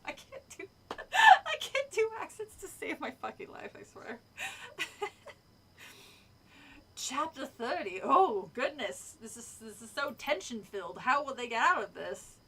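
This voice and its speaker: A high-pitched, very animated woman reads a horror book aloud on stream at a measured pace, her tone a bit bright. She's chatty, swearing and laughing often as she adds commentary, with a little hiss or hum and her voice distant from the mic.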